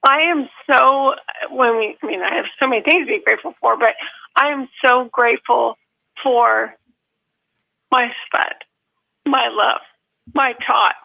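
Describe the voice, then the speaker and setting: Over a telephone line, a woman calls in to a live show and tells a heartfelt story through tears, rambling and restarting. Her voice is a little high and creaky, and she speaks unhurriedly with frequent pauses.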